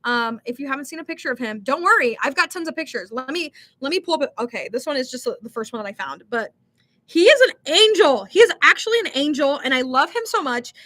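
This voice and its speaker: A woman's voice: high-pitched, expressive, fast talker, a bit bright. A young millennial woman hosting a casual livestream, reading chat comments and answering with lots of ums, likes and giggles. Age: young adult.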